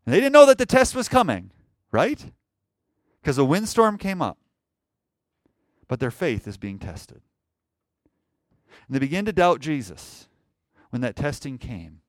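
In a dry recording, a pastor with a voice on the high side preaches at a measured pace, pausing often. His sermon is animated, full of rhetorical questions to the congregation and acted-out panicked cries.

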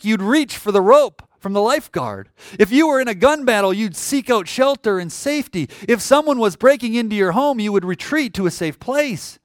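A man preaching a sermon as a pastor, moving between quiet, hushed passages and loud, emphatic calls. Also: high-pitched, no echo, studio quality. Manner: emphatic, swings from hushed to shouting.

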